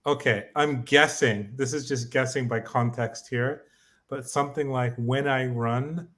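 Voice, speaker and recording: A man learning in a casual chat, halting as he guesses meanings aloud and asks for phrases to be repeated. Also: mid-range voice, steady tone, a bit bright. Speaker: co-host and learner.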